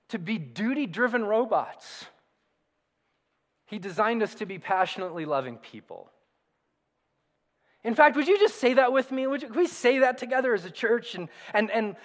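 A man preaching a sermon as pastor, animated and conversational, with emphatic repetition, in a church sanctuary. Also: extremely high pitch, in a large hall.

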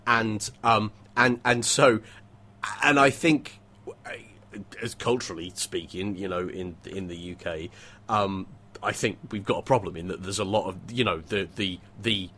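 A man co-hosting a casual book discussion podcast, talking in an animated, wry way. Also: on the low side, a little slow. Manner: animated, wry, breaks into mock voices and laughter. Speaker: podcast co-host discussing a novel.

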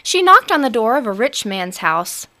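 A woman narrating a storybook aloud in an expressive, unhurried manner. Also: fairly high pitch.

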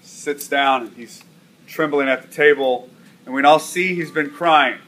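A man's voice: on the high side, normal speed, a bit bright. A man preaching a sermon, telling a story and repeating key lines for emphasis. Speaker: pastor.

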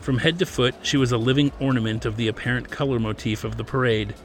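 A man, the author, narrating his science fiction novel as a scripted reading in a steady storytelling manner. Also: medium pitch, quick pace, faint music behind. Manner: steady storytelling, plays character lines lightly.

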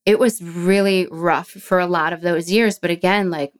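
As a guest, a woman in her forties recounts her own recovery at a normal pace, her low voice keeping a fairly even intonation. She doesn't hold back, swearing freely, speaking bluntly, and laughing at herself along the way.

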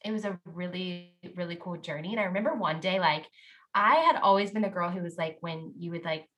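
A woman with a bright, forceful tone and a lowish voice tells a candid faith story. She is earnest and animated, and she laughs easily as she talks. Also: brisk. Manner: earnest and animated, heavy use of "like", laughs often. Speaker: podcast guest.

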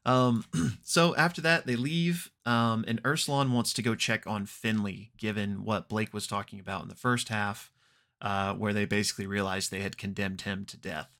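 Speaking fairly low, a man hosts a podcast and takes his time going over an actual-play episode in a laid-back way. He clears his throat and says um often, now and then voicing the characters' lines as short quoted bits.

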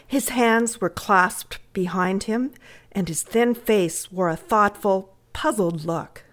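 A woman from Canada reading a classic short story aloud, measured and expressive. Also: mid-range voice. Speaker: reader.

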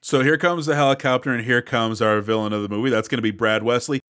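A man's voice: mid-range voice, steady tone, fast, fairly bright tone, smooth. A man co-hosting a podcast, chatting about a film in a jokey, incredulous way with stumbling restarts. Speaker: podcast co-host. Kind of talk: casual chat about a film.

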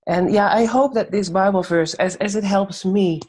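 A woman giving gentle, measured answers in a faith-based conversation and telling a short story. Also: medium pitch, fairly even intonation, a little hiss or hum. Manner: gentle, measured, tells stories. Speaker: guest speaker on faith and anxiety.

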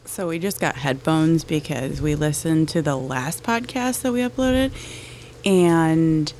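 A woman co-hosting a casual podcast, talking softly and giggling, poking fun at herself. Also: deep voice, a little slow, slight background noise. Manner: soft-spoken, giggly, self-deprecating. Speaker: podcast co-host. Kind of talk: casual chat.

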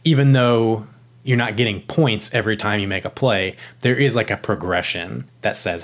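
A man's voice: on the low side, normal speed. A man in casual chat explaining football rules, rambling with many restarts and fillers. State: out of breath.

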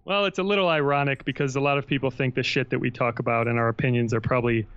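A man's voice: mid-range voice, fairly even intonation, fast, fairly bright tone, smooth, dry recording, muffled recording. A man guest on a podcast, speaking in a plain, matter-of-fact way. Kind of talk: casual podcast chat.

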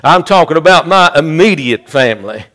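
A man's voice: fairly high pitch, expressive, moderate pace, fairly bright tone. A male pastor preaching a fervent sermon with rhythmic repetition.

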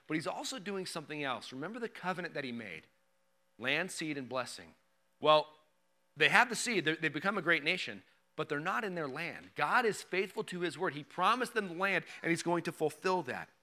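A man preaching a sermon in a conversational, animated way, quoting scripture with emphasis. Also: fairly high pitch. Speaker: pastor.

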